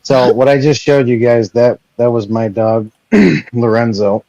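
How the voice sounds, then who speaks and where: A man's voice: mid-range voice, unhurried, warm tone, no echo, muffled recording. A man talking casually and sincerely in a group chat, easygoing and direct. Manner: laid-back, sincere, calls others bro. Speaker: panel participant.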